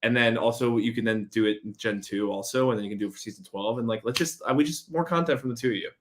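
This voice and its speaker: A young man and former host, chatting as a guest on a podcast in a relaxed, rambling way. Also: mid-range voice, fast. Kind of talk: casual chat.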